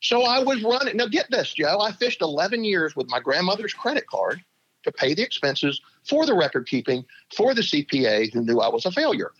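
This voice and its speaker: A man's voice: sits high, a little fast, slight background noise. A middle-aged man, a former pro angler, telling stories as an interview guest and laughing as he goes. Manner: animated, laughs through his stories. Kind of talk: conversational storytelling in an interview. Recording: dull lo-fi sound.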